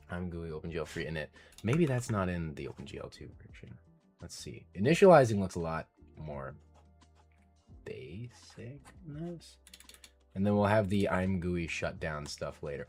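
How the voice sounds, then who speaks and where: A man live-streaming his coding, thinking aloud as he works, muttering code names and getting frustrated at bugs. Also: sits low.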